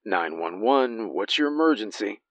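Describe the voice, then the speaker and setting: A man doing a gruff, eerie emergency operator. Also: lowish voice, expressive, normal speed, a bit bright, no echo, dull audio. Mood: detached.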